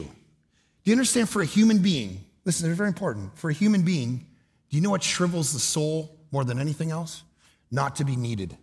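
Animated preacher man in a big hall. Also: fairly high pitch, fairly quick. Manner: animated storytelling, often shouting for emphasis. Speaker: pastor. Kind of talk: sermon. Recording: long hall reverb.

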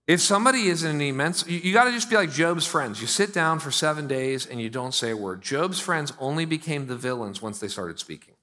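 A middle-aged male pastor preaching a sermon in a conversational way, with strong swings between loud and quiet. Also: on the high side, animated, a little fast, few pauses.

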